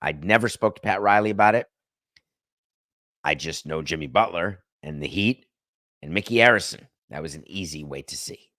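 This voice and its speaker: In studio-quality audio with no echo, a man with a sharp tone talks at a moderate pace on his solo sports show. The monologue is chatty, wry and digressive, drifting between topics, and he raises his pitch abruptly to emphasize points.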